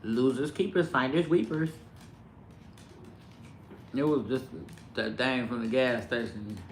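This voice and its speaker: A man vlogging in casual chat at home, animated and profane, with sudden loud outbursts. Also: medium pitch, takes it slowly, reverberant, a little hiss or hum. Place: home indoors with pets.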